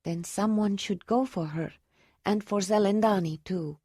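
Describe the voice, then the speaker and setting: A woman voicing a calm young healer woman speaking gently in a storybook reading. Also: mid-range voice, husky, dry recording, studio quality. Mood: practical. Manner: gentle, measured.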